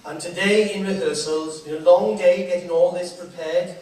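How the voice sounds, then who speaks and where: A man's voice: sits high, steady tone, moderate pace, a little mellow, heavy reverb. A man doing chatty, laughing stage patter to a theatre audience. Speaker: entertainer on stage. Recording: distant live theatre recording with crowd and noise.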